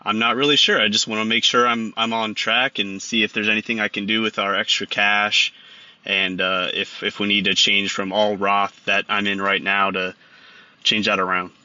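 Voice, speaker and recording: A man in his thirties calling in to a radio show, polite and halting. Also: lowish voice, flat delivery, bright, forceful tone, dry recording, lo-fi sound. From Texas. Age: 30s. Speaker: caller. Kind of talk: phone call to a radio show.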